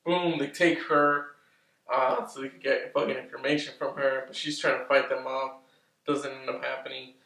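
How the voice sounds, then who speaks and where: A man's voice: mid-range voice, normal speed, creaky. Guy rambling thru a movie recap, swears a ton, sounds roomy n kinda far from the mic. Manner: rambling, profane, excitable. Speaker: movie reviewer. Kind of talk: casual film recap.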